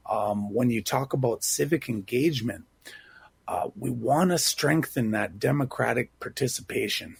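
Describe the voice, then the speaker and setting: A civic engagement manager from Bad River, Wisconsin speaks earnestly and heartfelt as a guest on a radio interview program. His medium-pitched voice is creaky with a breathy edge, recorded dry.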